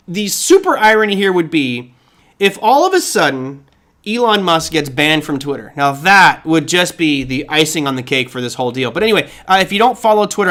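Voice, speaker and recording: A man's voice: sits high, a bit bright. A middle-aged man hosting a live trading show, giving casual market commentary, thinking aloud and reading viewer comments.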